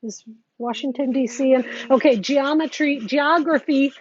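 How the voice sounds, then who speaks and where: At normal speed and in a high pitch, a woman demonstrates quilting live, talking casually while she works and saying hello to viewers. The audio is dull and lo-fi, with faint background noise.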